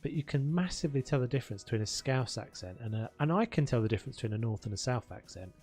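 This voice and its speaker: A young man with a South London accent chats casually on a live game stream, laughing often and trailing off mid-thought. His mid-range voice is animated, fast and a little mellow, with faint music in the background.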